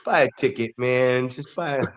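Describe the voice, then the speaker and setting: A man's voice: mid-range voice, normal speed. A man co-hosting a wrestling podcast, telling crude rambling stories in casual chat and slipping into quoted voices. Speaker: podcast co-host.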